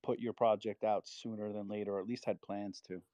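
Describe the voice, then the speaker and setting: A man's voice: fairly low pitch, little pitch movement, warm tone, no echo. A man hosting a casual online chat, teasing the others and steering the talk. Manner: teasing, quick to call out jokes.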